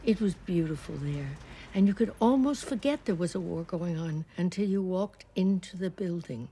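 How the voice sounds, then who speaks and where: An actress playing an elderly woman who served as a nurse in a great war, recalling it softly and reflectively, sometimes dropping to a whisper. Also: on the low side, moderate pace, slightly rough. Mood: somber. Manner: soft, reflective, drops to a whisper at times. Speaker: former wartime nurse recalling her past. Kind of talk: first-person docudrama narration.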